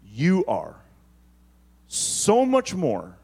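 A man preaching a sermon as pastor, moving from quick storytelling to slow, drawn-out emphasis on key phrases. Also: on the high side, wildly swooping pitch, vocal fry, darkish tone, slightly rough.

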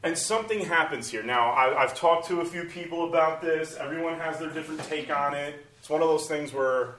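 A man preaching a sermon, animated, moving between loud exclamations and soft hushed passages. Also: a little high, fairly quick, a little hiss or hum. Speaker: pastor. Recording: roomy, from far off the mic.

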